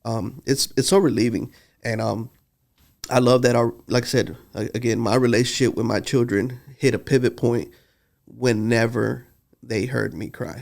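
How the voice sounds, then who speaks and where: A man talks earnestly and from the heart, as a podcast co-host. His voice is gravelly and creaky, sitting at a middle pitch. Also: darkish tone. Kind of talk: casual podcast conversation.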